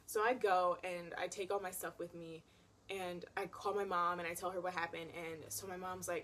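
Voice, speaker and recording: A woman's voice: fairly low pitch, normal speed, slight background noise. A young woman vlogger telling a personal story in a dramatic, casual way, with lots of "like". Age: young adult. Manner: animated and dramatic, heavy use of "like".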